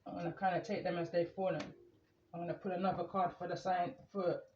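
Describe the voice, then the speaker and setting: A man doing a calm, meandering tarot reading, reading the cards aloud as he draws them. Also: sits high, quick pace, a little hiss or hum. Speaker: tarot reader. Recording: echoey room, muffled lo-fi sound.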